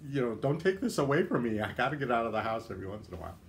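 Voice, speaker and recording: A man's voice: medium pitch, expressive, fast, vocal fry, slight background noise. Chatty man hosting a casual livestream. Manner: chatty, self-deprecating, joking asides. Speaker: livestream host. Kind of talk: casual chat answering viewer comments.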